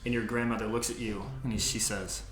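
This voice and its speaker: Low-voiced man narrating a tabletop game. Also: flat delivery, fairly quick, a bit bright, echoey room, slight background noise. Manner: descriptive, loose, many fillers and "like"s. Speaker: game master.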